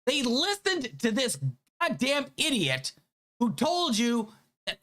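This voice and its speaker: A woman's voice: on the high side, big pitch swings, fairly bright tone. A woman delivering an angry late-night rant to her viewers, heated and full of profanity, repeating herself when worked up. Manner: heated, profane, rapid outbursts. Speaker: vlogger.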